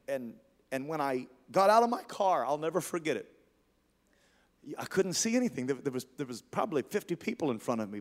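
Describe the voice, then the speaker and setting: A male pastor tells a story from the pulpit, moving between low, quiet passages and loud, impassioned peaks. His voice sits at an ordinary middle pitch for a man. It carries a long reverb, as if it fills a big church hall. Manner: impassioned, rising to near shouts. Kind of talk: storytelling sermon.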